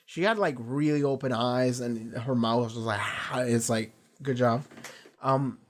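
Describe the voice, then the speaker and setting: A man's voice: medium pitch, a little slow, slight background noise. Rambling man reviewing an episode. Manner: rambling, frequent restarts and swearing; acts out characters' lines in paraphrase. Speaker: reaction channel host. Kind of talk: casual reaction discussion.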